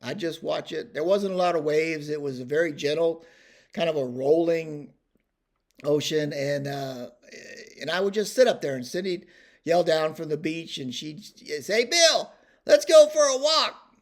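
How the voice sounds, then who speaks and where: A man's voice: on the high side, moderate pace, darkish tone. Rambling, folksy man telling a story. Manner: rambling and folksy, with many fillers and restarts. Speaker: storyteller host. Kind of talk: casual storytelling vlog.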